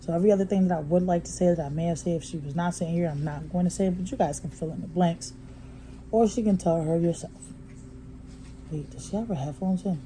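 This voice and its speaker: A woman vlogger, telling a story in a blunt, profane way that moves from hushed to heated. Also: on the low side, quick pace, a little hiss or hum, low-quality recording. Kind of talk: casual storytime vlog. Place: motel room.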